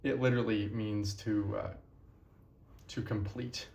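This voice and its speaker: A man's voice: fairly low pitch, flat delivery, unhurried, creaky, a little mellow, reverberant. A tired young man teaching a casual language lesson, rambling and correcting himself as he goes.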